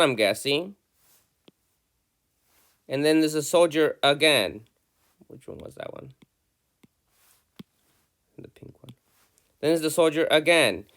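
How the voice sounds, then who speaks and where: A male teacher works through a student's story, reading passages aloud and breaking off to explain what goes wrong. His pitch sits in an ordinary middle range, and he moves between reading and critique with frequent restarts. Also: a bit bright. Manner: reads student text aloud then comments, with many restarts.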